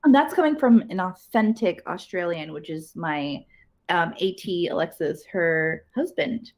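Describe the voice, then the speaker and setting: A woman guest in a casual livestream chat, chatty and quick to laugh. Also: lowish voice, lively intonation.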